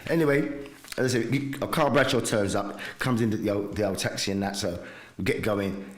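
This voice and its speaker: A man from England, a podcast guest, telling a lively story and often calling out to the audience. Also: fairly low pitch, a little fast, roomy sound. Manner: lively, exclaims to the audience, slips into quoted voices. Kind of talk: animated storytelling.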